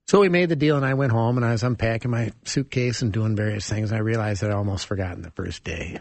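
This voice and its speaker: Male author guest, husky, animated storyteller, dry sound. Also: medium pitch, fairly quick, dry recording. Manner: animated storyteller acting out dialogue, chuckling. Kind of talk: storytelling interview answer.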